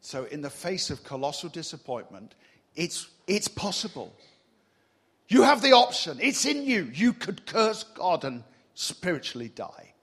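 Husky, lively male preacher. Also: high voice, a little slow. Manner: animated and humorous, teasing rhetorical questions. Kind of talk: sermon. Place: church hall with a congregation. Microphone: mic on a stage.

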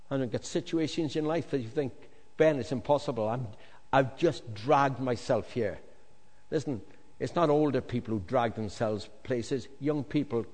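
A male pastor preaching a lively sermon to a congregation, with jokey asides, swinging from loud to hushed. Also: mid-range voice. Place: large hall with congregation. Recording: long reverb of a large hall.

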